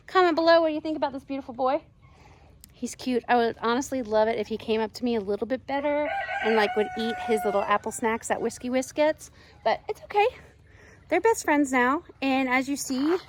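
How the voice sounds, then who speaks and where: A woman in her thirties vlogging outdoors on her farm, baby-talking her animals and calling sheep loudly. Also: a little high, a little hiss or hum. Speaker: ranch vlogger. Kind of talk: casual farm vlog talk.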